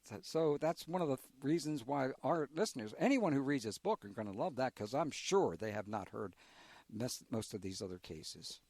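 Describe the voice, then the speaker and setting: A male radio host with a husky, gravelly voice jumps in with eager praise for his guest. His voice is dry and close. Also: mid-range voice, animated, moderate pace, a little mellow, dry recording. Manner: enthusiastic, praising interjections. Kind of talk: radio interview chat.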